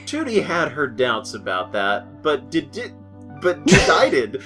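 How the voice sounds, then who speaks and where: A man's voice: on the high side, big pitch swings, unhurried, sharp tone, faint music behind. A man narrating a comedic fanfiction reading in an amused manner. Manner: amused, often breaking into laughter. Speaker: narrator reading fan fiction.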